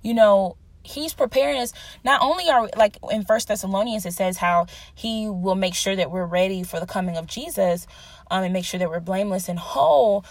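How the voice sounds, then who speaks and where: A woman's voice: medium pitch, a little fast, dry recording. A young woman giving an earnest, conversational devotional teaching, telling personal stories and laughing at herself now and then. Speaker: Bible teacher.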